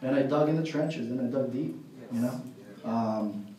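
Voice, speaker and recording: Here a man with a mid-range voice talks at a normal speed, delivering a lively motivational speech at a sales party. He tells animated stories peppered with fillers and laughs, captured from a distance in a very reverberant hall.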